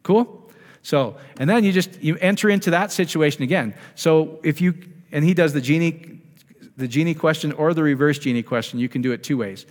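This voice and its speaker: A man's voice: fairly high pitch, brisk. A man speaking as a ministry leader, teaching a live group in a casual, conversational way and checking in with the audience through questions. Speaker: ministry speaker leading prayer. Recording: long reverb of a hall.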